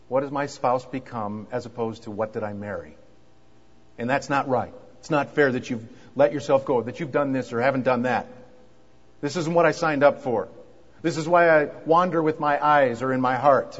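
A man's voice: mid-range voice, moderate pace. Man preaching in a reverberant hall. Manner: builds from quiet asides to fervent preaching. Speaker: pastor. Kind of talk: sermon at a marriage conference. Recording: dull sound with long hall reverb.

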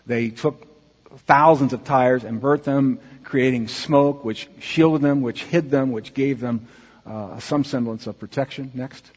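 A man speaking earnestly to a congregation as he narrates a slideshow, asking for the next slide and pausing on fillers. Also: medium pitch, a little mellow, breathy edge. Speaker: church mission speaker presenting slides. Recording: dull, muffled audio with long hall reverb.

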